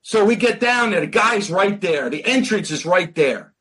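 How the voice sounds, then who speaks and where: A man's voice: sits high, normal speed, husky. A man on a podcast telling a rambling anecdote in casual chat, acting out the quoted dialogue. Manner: animated anecdote-teller, acts out quoted dialogue. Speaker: podcast co-host or guest. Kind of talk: casual storytelling.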